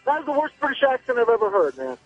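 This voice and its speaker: A man's voice: very high voice, very animated, fast talker, breathy edge, faint music behind. A man calling into a radio show, bluntly scornful and swearing. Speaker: caller. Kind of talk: phoned-in rant. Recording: tinny phone line.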